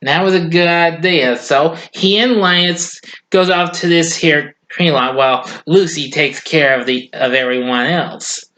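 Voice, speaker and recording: A man casually recapping a cartoon as a reviewer, chuckling often and acting out lines in a high voice. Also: a little slow, hardly any pauses, sharp tone.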